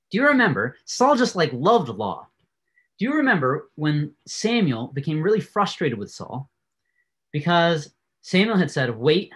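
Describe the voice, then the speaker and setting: A man giving a Bible class lecture, telling the stories in an animated way and often laughing. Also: a little high. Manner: animated storytelling, frequent laughs.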